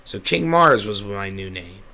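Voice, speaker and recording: A rough, big-hearted young pegasus stallion, played by a man rambles through his story, correcting himself and getting flustered. His voice sits on the low side, with a gravelly, tense edge. It is in-character storytelling for a fan-made pony tale. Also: expressive, measured pace, bright, forceful tone, exaggerated voice. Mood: earnest.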